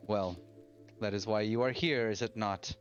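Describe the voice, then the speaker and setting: A man voicing a solemn dwarf temple leader who speaks slowly and gravely. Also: steady tone, highs cut off, soft background music, lightly acted. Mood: grave, somber. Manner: slow, low, somber and measured.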